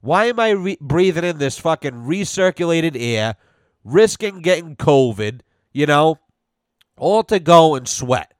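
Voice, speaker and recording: A man voicing an indignant infant on a plane, complaining slowly and crudely in a raised voice. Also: fairly high pitch, sing-song, no echo, clean studio sound. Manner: slow, crude, whiny complaining.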